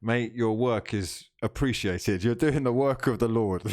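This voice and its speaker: A man's voice: mid-range voice, unhurried, darkish tone. A man hosting a live football watchalong stream, reading out chat comments, teasing viewers and laughing often.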